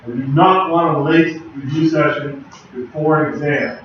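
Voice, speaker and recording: A man's voice: a little high, normal speed. A man giving a university lecture in a casual, conversational way, chatting with the class and adding asides. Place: large lecture hall. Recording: very echoey hall, voice far from the mic, dull lo-fi sound, faint background hum.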